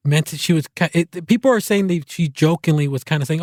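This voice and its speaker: A man's voice: on the high side, a little mellow, no echo, studio quality. A man co-hosting a casual podcast, talking earnestly with frequent halts and restarts. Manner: halting, many restarts, earnest. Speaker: podcast co-host.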